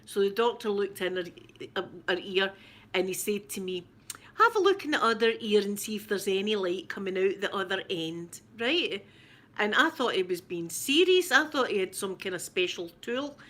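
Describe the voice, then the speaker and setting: Scottish mum chatting to camera, bright clear voice, animated storytelling, lots of repeats. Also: female voice, mid-range voice, moderate pace. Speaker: vlogger, mother. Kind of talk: casual chat to camera.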